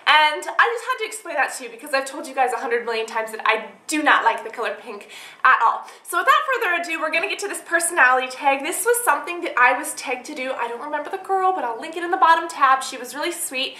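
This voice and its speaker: High bright-voiced girl vlogging, chatty and bubbly, kinda echoey room. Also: expressive, a little fast. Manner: bubbly, chatty storytelling with lots of "like". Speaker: beauty vlogger. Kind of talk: casual chat to camera.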